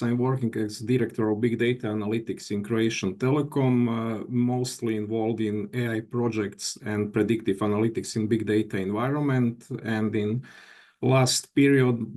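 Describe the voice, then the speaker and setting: Mellow-voiced man, halting delivery. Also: medium pitch. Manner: halting, searching for words. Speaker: panelist. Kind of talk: online panel discussion.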